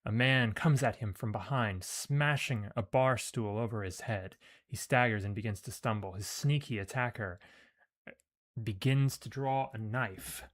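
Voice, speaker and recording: A man's voice: lowish voice, unhurried. Man casually reading game text aloud. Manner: casual, reads with loose emphasis and asides.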